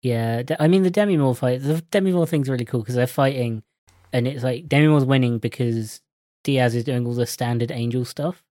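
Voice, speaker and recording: A man co-hosting a podcast, reviewing a film in casual chat and talking with excitable, emphatic enthusiasm. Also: mid-range voice, a little fast, dry recording, clean studio sound. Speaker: podcast co-host.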